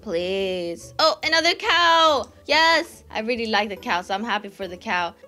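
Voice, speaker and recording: A woman doing excited gameplay commentary, gushing over cute pets and pleading for rare ones. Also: fairly high pitch, measured pace. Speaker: gaming YouTuber. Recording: faint background music.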